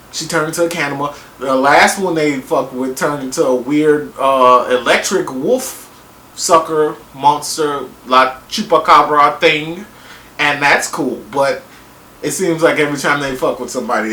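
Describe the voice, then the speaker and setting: A young man giving a casual, jokey review of a TV episode, rambling with lots of fillers and sudden jumps in pitch. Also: sharp tone. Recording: echoey room with faint background hiss.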